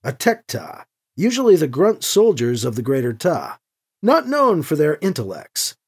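Male author-host narrator, lively delivery, raspy gravel. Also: a little high, moderate pace. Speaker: host and writer. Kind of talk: audiobook narration.

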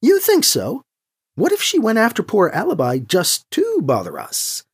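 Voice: mid-range voice, huge pitch swings, unhurried, husky, pitched above the performer's own voice, exaggerated voice. A narrator voicing an older aunt who is stern, disapproving and protective, for an audiobook. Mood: insistent. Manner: stern, insistent. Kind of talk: audiobook character reading.

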